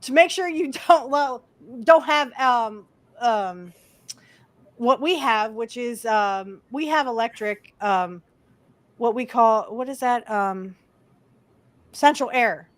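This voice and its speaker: A woman's voice: on the high side, slow. A woman co-hosting a casual panel podcast, ranting angrily with heavy profanity. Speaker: podcast co-host.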